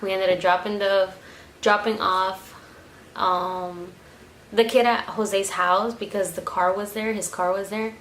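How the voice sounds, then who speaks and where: Her mid-range voice moving a little slowly, a young woman vlogger shares a story casually, cursing freely and animatedly acting out what people said. She's recorded at home on a camera mic. The room is echoey, and there's faint background noise.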